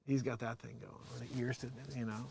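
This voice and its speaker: A man hosting his own show, talking in a rambling, joking way that swings between low mutters and loud bursts. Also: level tone, brisk, creaky, slight background noise. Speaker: show host. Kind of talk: casual live-stream commentary.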